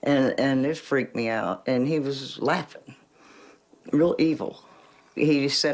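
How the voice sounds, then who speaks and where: Woman haltingly recounting a frightening call. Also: very deep voice. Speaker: interviewee. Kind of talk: interview recollection.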